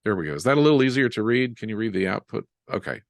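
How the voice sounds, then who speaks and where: Low-voiced man teaching software on a webinar. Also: rapid-fire, vocal fry, no echo. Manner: relaxed, self-deprecating, walks through steps while typing. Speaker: software instructor. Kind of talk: live webinar software demo.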